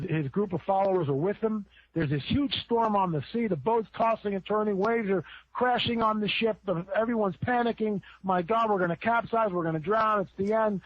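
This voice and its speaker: A man, a podcast guest, preaching in a casual way, often repeating words and building up with rising emphasis. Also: sits high. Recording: dry tinny phone line.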